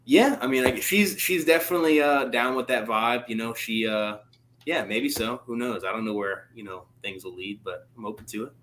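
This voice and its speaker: A man's voice: medium pitch, normal speed, a bit bright, slight background noise. A young man from Louisiana, a guest on a video call, talking in a laid-back, easygoing way. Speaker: guest fighter. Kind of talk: casual interview chat.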